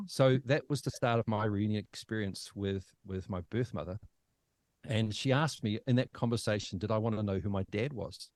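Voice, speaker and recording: A New Zealand man in his fifties, a podcast guest telling his own story in a halting, emotional way with many restarts. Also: lowish voice, a little mellow, dry recording. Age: 50s. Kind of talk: personal storytelling.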